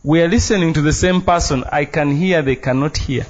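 High-voiced pastor preaching. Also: male voice, fairly quick. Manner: emphatic and playful, mixing in Luganda phrases. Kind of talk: sermon. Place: church. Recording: dull, muffled sound.

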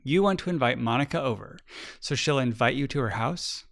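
A man voicing a calm, patient mother who gently asks questions in a storybook reading. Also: mid-range voice, fairly quick, creaky, no room sound, studio quality.

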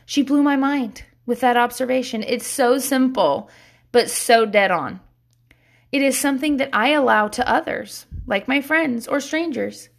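A woman's voice: a little high, creaky. A woman in her thirties, a mother of young kids, talking candidly and bluntly, swearing freely and laughing often. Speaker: mother sharing parenting reflections. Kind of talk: casual candid monologue.

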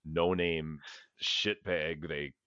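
A man's voice: a bass voice, little pitch movement, drawn-out words, pushed and bright, smooth, dry recording, muffled recording. A man co-hosting a podcast, ranting in a profane, casual way about a film. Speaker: podcast co-host. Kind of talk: casual chat.

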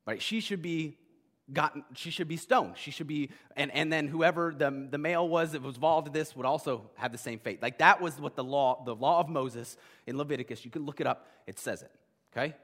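A man preaching a sermon as pastor, conversational and animated, with many restarts. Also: fairly high pitch, brisk. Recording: long hall reverb.

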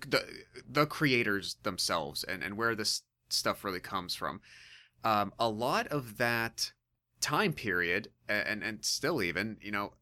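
A man's voice: on the low side, bright, forceful tone. A man co-hosting a podcast, explaining comic book history in a hesitant way with many fillers and restarts.

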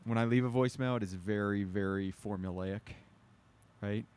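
A man's voice: lowish voice, a little fast, clean tone. A man chatting casually with friends, telling stories in a rambling way and mimicking other people's voices. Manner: rambling, animated storyteller who mimics others. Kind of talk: casual chat.

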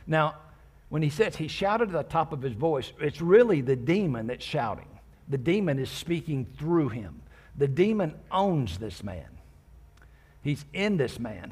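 A man preaching a sermon in a husky, slightly breathy voice. He reads scripture aloud verse by verse and explains it in an easygoing, conversational way. He throws in joking asides to his congregation. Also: fairly high pitch. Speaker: pastor.

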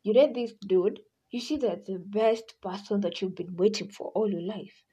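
A woman talks her way through relationship advice in a loose, chatty podcast monologue, and she slips into little acted-out voices as she goes. Her voice is mellow and a bit husky, with a soft, dark tone. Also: mid-range voice, normal speed. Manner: chatty, acts out quoted voices, laughs often. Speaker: podcast host.

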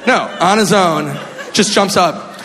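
A male stand-up comedian from Minnesota, telling a story in an animated, exaggerated way with sudden shouts. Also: sits high, slow pace, a faint crowd. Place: comedy club stage. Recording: echoey club, audience laughter and noise.

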